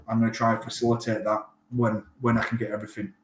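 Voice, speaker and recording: A man's voice: lowish voice, fast, a little hiss or hum. Chatty man in an echoey room. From Northern England. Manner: animated storyteller, acts out quoted exchanges. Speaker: rugby player and guest. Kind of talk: casual interview chat.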